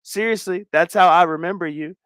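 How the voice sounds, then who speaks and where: Male livestream host, fairly high voice, dry close mic, slangy and animated. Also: brisk, clear, resonant tone, dry recording. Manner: animated, swings between loud and mumbled asides; slangy, repeats phrases. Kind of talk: casual livestream chat.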